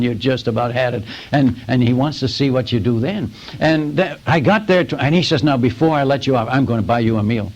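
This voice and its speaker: A man preaching a sermon as an animated storyteller who acts out the other people's lines in his own telling. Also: fairly high pitch. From United States. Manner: animated storyteller acting out dialogue.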